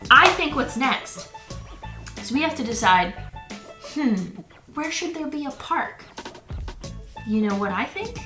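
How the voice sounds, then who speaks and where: A young woman hosting a children's toy-play video, talking to the viewer in a playful, gentle way at home. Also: on the high side. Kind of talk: toy play demonstration for kids. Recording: roomy with background music.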